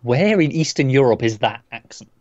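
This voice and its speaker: A man's voice: mid-range voice, animated, normal speed, darkish tone, dry recording, dull audio. A man co-hosting a casual movie news podcast, easygoing and bantering. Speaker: podcast co-host.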